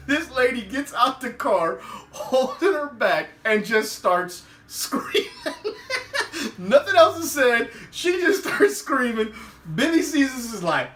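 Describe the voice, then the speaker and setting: A man hosting a casual recap of a TV episode, animated and laughing often as he acts out the scenes. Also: very high voice, measured pace. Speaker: podcast host. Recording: roomy, distant mic.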